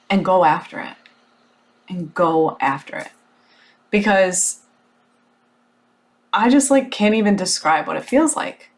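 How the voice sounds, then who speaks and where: A woman in her thirties talks straight to her listeners in a loose, chatty podcast monologue. She tells her story with lively, animated energy, tosses in fillers and the odd blunt swear word, and keeps her voice at an everyday middle pitch. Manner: frank, with occasional swearing. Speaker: podcast host. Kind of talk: casual motivational monologue.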